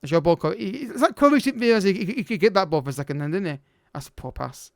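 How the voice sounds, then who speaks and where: A man's voice: high-pitched, expressive, rapid-fire, gravelly, dry recording, studio quality. Exasperated man commentating a game. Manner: exasperated, urgent, talks to the players. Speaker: let's play host.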